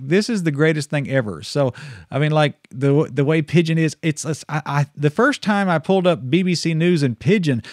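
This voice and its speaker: A man's voice: fairly high pitch, no room sound, clean studio sound. A man hosting a casual missionary livestream, chatty and folksy, with frequent praise and easy laughter.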